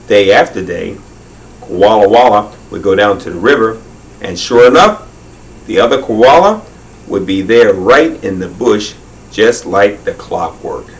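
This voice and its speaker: A man reading a children's story aloud in a leisurely way, drawing out his phrases, heard from a distance. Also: lowish voice. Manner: unhurried, with leisurely drawn-out phrasing.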